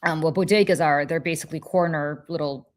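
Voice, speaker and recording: A woman hosting a podcast, telling a story in casual chat with lively, profane energy. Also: low-pitched. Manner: animated, profane, quick restarts. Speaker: podcast host.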